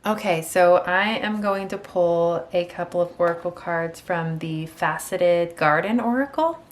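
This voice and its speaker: A woman giving a casual tarot reading on video, chatty and gentle, with many ums and restarts. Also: fairly low pitch, a little slow. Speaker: tarot reader. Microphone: camera mic.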